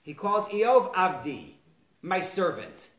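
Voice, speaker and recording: A man teaching a class on a biblical book as a rabbi, quoting lines in varied, animated tones. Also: sits high, slow pace, roomy sound, poor audio. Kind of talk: lecture on a biblical text.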